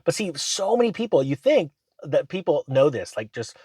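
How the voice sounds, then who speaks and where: A man, hosting his channel and telling rambling, animated business stories in casual chat. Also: fairly high pitch, normal speed, slightly rough, no room sound. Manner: rambling, animated anecdotes with acted quotes. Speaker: channel host. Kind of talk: casual storytelling monologue.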